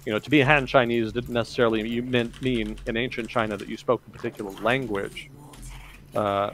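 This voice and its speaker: Man, podcast host, gravelly, rambling explainer, casual discussion. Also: medium pitch, steady tone, fairly quick, fairly bright tone. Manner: rambling, explanatory, heavy on "kind of" and "you know". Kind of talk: casual talk-show discussion.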